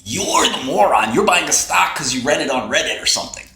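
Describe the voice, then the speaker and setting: A man's voice: on the high side, animated, a little fast, pushed and bright. A man hosting a casual livestream, ranting in a brash, profane, mocking way. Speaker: livestream host. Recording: roomy echo, faint typing.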